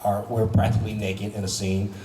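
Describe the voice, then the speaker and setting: A man holds forth as a panel guest at a fan convention, telling lively stories with laughter and frequent stammered restarts. His ordinary mid-range voice is captured from a distance in a big, reverberant hall. A steady hum of background noise sits under everything. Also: lowish voice, brisk. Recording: echoey hall from far off, noisy.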